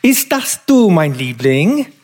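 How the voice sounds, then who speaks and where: A man's voice: fairly high pitch, very animated, slow pace, darkish tone, pitched above the performer's own voice, heavily acted. A man voicing a flighty young English actress with a gushing, cooing manner.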